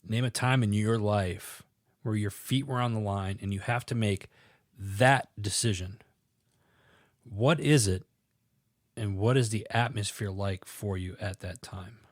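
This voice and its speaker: Man hosting a podcast, lowish voice, dry close sound, jovial, laughs often. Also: a little slow, no echo. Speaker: podcast host. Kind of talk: casual interview chat.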